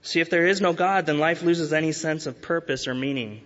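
Pastor, male, earnest sermon delivery, slightly higher voice, dull sound with long reverb. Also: fairly bright tone. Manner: earnest, urging, with emphatic rises and slow stresses.

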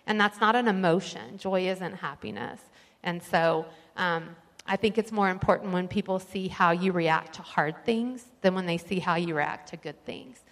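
A woman's voice: on the low side, normal speed. A woman sharing a personal testimony with a church group, earnest and rambling, with fillers along the way. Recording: long reverb of a large hall.

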